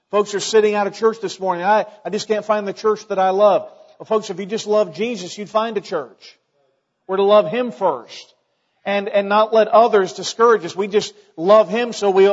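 High-voiced folksy preacher. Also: male voice, steady tone, normal speed, lo-fi sound. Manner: folksy preaching with rising emphasis and quoted scripture. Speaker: pastor. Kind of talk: sermon. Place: church.

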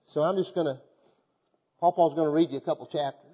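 An older man preaching a fervent sermon to a congregation, calling out to them and reading scripture aloud in a measured cadence. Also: fairly high pitch, fairly even intonation. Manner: fervent, exhorting preaching with rhetorical calls to the congregation. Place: church hall before a congregation. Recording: echoey hall, dull lo-fi sound.

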